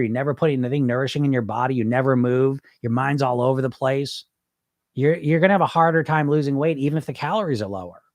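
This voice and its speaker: A man's voice: on the high side, no room sound, studio quality. A man hosting a live podcast, talking bluntly and emphatically to his listeners, repeating points for effect. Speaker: podcast host. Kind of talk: live-stream chat reading comments.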